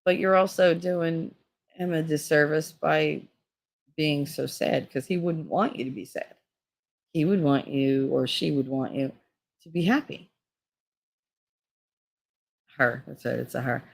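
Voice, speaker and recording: A woman's voice: low-pitched, a little slow, creaky, long pauses. A middle-aged woman talking candidly in a casual, rambling monologue, laughing often and swearing freely. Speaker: vlogger.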